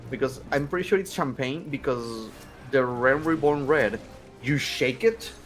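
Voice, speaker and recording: A man's voice: medium pitch, a little slow. A man from Mexico rambling and joking over voice chat during a game stream, swearing casually as he talks. Faint game music runs underneath. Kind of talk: live stream banter.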